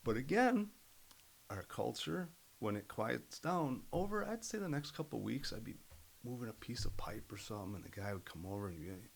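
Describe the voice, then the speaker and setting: A middle-aged man, a podcast guest, telling stories in an earnest, animated way. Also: medium pitch, a little fast, vocal fry, slight background noise, poor audio. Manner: earnest, animated storyteller who acts out other people's voices. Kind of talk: casual storytelling interview.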